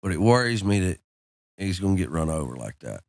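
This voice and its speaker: A man's voice: deep voice, sing-song, a little fast, creaky, darkish tone, no room sound. Laid-back man telling stories, dry studio sound. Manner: laid-back, drawling anecdotes peppered with "man" and "dude". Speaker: podcast guest, country singer. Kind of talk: casual storytelling chat.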